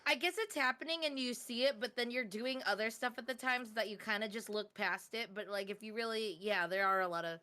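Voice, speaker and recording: A woman's voice: a little high, a little fast, hardly any pauses, sharp tone. A woman co-hosting a podcast, reacting with sympathy in casual chat.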